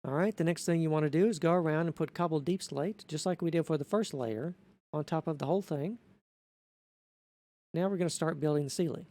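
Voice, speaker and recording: A man talking through a building tutorial in an unscripted voice-over, methodical and halting, often correcting himself. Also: on the high side, warm tone, no echo.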